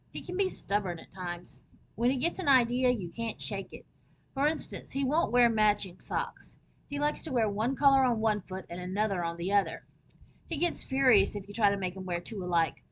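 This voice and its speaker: A woman reading a children's chapter book aloud as a storyteller, with lively first-person narration. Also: mid-range voice, normal speed, slight background noise, low-quality recording.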